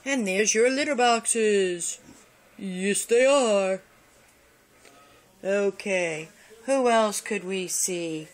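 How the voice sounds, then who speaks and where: An older woman filming her cats at home on a phone, cooing to them in high baby talk. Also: very slow, pauses often. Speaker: grandmother filming pets. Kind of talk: casual home video with cats. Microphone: phone camera.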